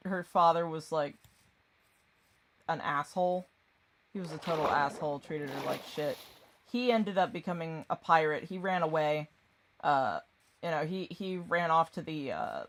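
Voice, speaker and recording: Low voiced woman rambling while she games, bit distracted, faint hiss behind. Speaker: gaming streamer. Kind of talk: casual chat while gaming.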